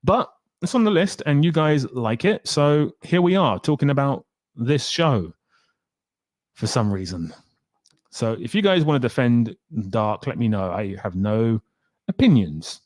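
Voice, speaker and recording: A man's voice: medium pitch, expressive, unhurried, a little mellow, dry recording, studio quality. A young man chatting casually on a live stream, reading out and reacting to viewers' comments with wry humor.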